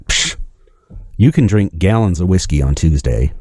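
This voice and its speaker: A man's voice: low-pitched, animated, moderate pace, darkish tone, breathy edge, no echo, studio quality. A man telling a joke as a smug salesman Satan. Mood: smug pitching. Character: smug male Satan listing hell's pleasures.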